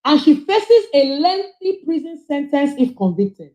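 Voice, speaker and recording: A woman's voice: high-pitched, big pitch swings, a little slow, warm tone, echoey room, poor audio. A woman giving passionate, scolding commentary on a livestream as she reads out charges.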